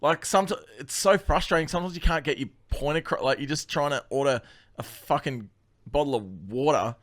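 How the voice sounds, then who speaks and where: A man's voice: fairly high pitch, brisk, a bit bright. A young Australian man co-hosting a podcast, joking around in a casual, sweary way. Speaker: podcast co-host. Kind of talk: casual chat.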